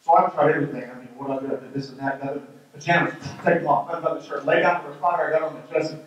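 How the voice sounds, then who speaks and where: A man in his thirties giving a keynote speech, telling a funny story with acted-out quotes and lively delivery. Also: fairly high pitch, very fast, recorded from a distance, muffled recording. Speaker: keynote speaker. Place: large hall with an audience. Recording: very echoey hall, heard from afar.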